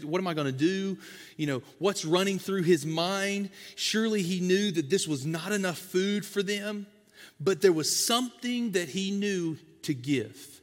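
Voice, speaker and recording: Slightly high-voiced male preacher, reverberant. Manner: conversational, folksy asides. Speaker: pastor. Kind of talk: sermon.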